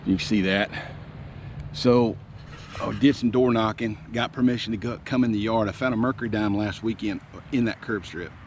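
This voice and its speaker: A man vlogging his metal detecting dig in a town yard, talking casually to the camera and getting excited over his finds. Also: fairly low pitch, moderate pace, a little hiss or hum. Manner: excitable, exclaims and repeats himself. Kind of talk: casual vlog narration while digging outdoors. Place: outdoors in a town yard, rainy day.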